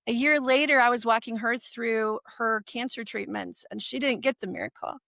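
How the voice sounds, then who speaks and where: This is a woman in her forties with a gravelly, creaky voice that sits a bit high. She speaks as a podcast guest, telling a personal story with animation and acting out other people's words. The recording is close and dry. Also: normal speed, no echo. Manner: animated, acts out quoted speech.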